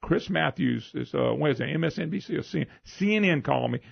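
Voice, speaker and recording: A man with a Louisiana Southern accent hosting a radio talk show, telling rambling folksy anecdotes in an animated way. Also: on the high side, fast talker, vocal fry, husky. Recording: dull lo-fi radio broadcast.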